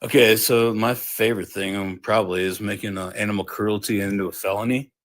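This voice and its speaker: A man's voice: on the low side, steady tone, a little fast. A man being interviewed who answers in a laid-back, fumbling way and swears casually.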